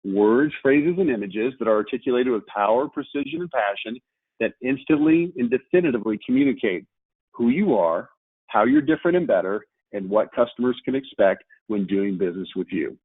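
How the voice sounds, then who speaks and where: A man's voice: mid-range voice, expressive, brisk, no room sound. A man giving a marketing webinar lecture, emphatic, with rhetorical questions and repeated key words. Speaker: marketing presenter. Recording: tinny phone-like line, dry.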